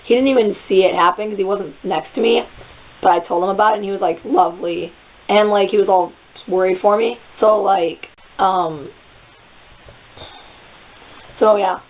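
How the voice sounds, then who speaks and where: A young woman casually telling a story, rambling, excitable and full of swearing. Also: mid-range voice, a little fast. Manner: rambling, profane, excitable retelling. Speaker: vlogger. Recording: phone-like narrow sound.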